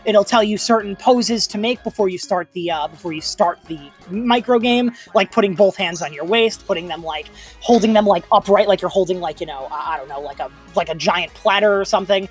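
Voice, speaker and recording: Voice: mid-range voice, fairly quick, hardly any pauses, soft background music. A podcast panelist describes a game in loose, casual chat. The talk rambles with many fillers and restarts, and laughter comes easily.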